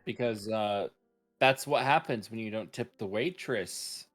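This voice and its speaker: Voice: mid-range voice, unhurried, fairly bright tone, faint music behind. A player in a casual tabletop game over voice chat, talking bluntly and sarcastically.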